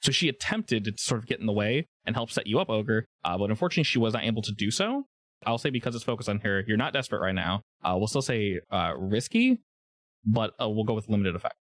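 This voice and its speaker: A man's voice: fairly low pitch, lively intonation, quick pace, a bit bright, no echo. A man running a tabletop role-playing game as game master, explaining rules casually with fillers.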